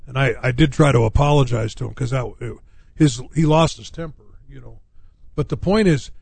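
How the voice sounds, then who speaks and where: A man's voice: medium pitch, a little fast, creaky, a little mellow, slightly rough, no room sound. A middle-aged male pastor preaching on a radio talk show, rambling with many fillers and restarts.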